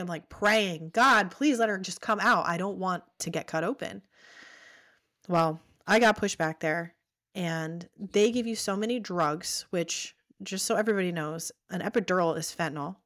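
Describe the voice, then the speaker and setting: A woman in her thirties telling a personal story as a podcast guest, animated, acting out what people said. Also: lowish voice, moderate pace. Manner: animated storytelling, acts out quoted voices.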